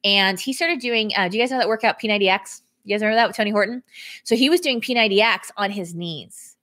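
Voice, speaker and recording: Chatty woman fitness coach streaming live. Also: fast talker. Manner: chatty, candid, reads viewer comments aloud and thanks them; laughs often, voice swings up and down in pitch and loudness. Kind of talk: casual live stream to viewers. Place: indoors at home.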